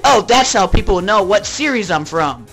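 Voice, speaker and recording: A boastful cartoon hedgehog hero, a cocky young male who stretches out his bragging slowly, as a video host puts him on. his voice is bright and a bit raised, and faint music plays underneath. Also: medium pitch, animated. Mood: smug. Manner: boastful, slow, drawn-out.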